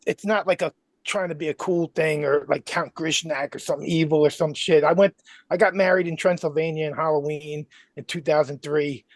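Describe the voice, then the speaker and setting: A man's voice: a little high, fairly even intonation, brisk, no echo. A man as a podcast guest, telling stories casually and laughing often.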